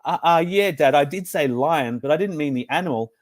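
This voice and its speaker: A man voicing an excitable, earnest young boy in a storybook reading. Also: a little high, brisk, close to an everyday voice. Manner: eager, excitable.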